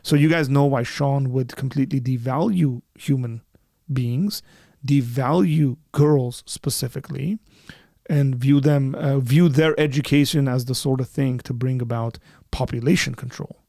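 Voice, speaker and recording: Gravelly male live-show host, dry sound. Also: medium pitch, warm tone, no room sound. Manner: argumentative, quick restarts and repeated words. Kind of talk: live call-in show, reading and answering chat.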